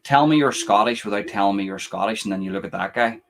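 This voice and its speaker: This is a young man, chatting through a live fight reaction stream in a rambling, filler-heavy way and swearing casually. His voice sits a little on the low side. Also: fast, fairly bright tone.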